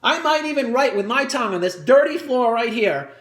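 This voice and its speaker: A man working through a stand-up comedy routine in front of an audience, his pitch swinging widely as he jumps into quick character voices. His delivery is crude and animated. The room around him rings with an echo.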